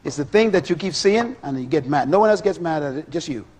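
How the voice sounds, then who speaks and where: Middle-aged male preacher, animated sermon, rhetorical questions, lively pitch. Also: quick pace.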